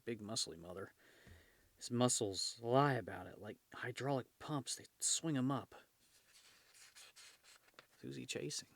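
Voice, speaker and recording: A man reading a hushed vigilante monologue. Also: mid-range voice, a little slow, vocal fry, long pauses. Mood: tense, focused.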